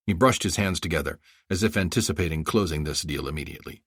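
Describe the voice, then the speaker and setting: A man reading a thriller audiobook aloud in an expressive narration. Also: low-pitched, fast talker, hardly any pauses, no echo, clean studio sound. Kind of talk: scripted narration.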